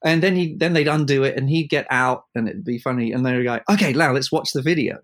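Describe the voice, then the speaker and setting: Man telling lively studio stories. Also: medium pitch, quick pace. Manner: animated anecdotes, acts out quoted voices, laughs. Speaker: record producer, guest. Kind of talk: storytelling interview chat. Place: abroad from the host, evening.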